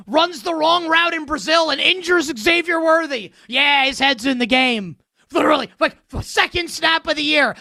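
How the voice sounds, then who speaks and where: Animated sarcastic woman ranting on sports. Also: sits high, no echo, studio quality. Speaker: sports show host. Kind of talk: heated sports commentary.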